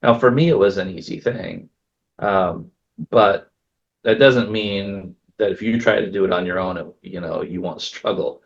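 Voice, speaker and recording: A man's voice: deep voice, moderate pace. A man who is an attorney giving a casual seminar talk, telling stories with many fillers. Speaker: estate planning attorney. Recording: dull lo-fi recording.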